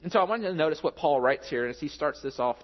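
A man's voice: on the high side, expressive, quick pace. A man in his thirties, a pastor preaching a sermon in a conversational, earnest way. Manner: conversational, earnest, builds up when telling stories. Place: church hall. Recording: muffled with a long hall echo.

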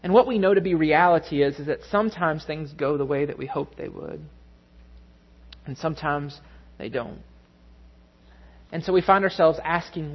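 A man preaching a sermon, telling a family story with lively, animated delivery. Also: on the high side, normal speed, long pauses, dull audio. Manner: storytelling, animated, mimics voices in anecdotes. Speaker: pastor.

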